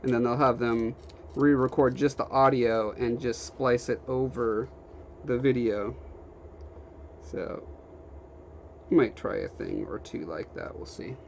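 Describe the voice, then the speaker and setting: Speaking slowly with a creaky, medium-pitched voice, this young man pauses often while he rambles easily through a livestream from his home workshop. He works, chats, and reads out comments from viewers, all captured in slightly dull stream audio carrying faint background noise.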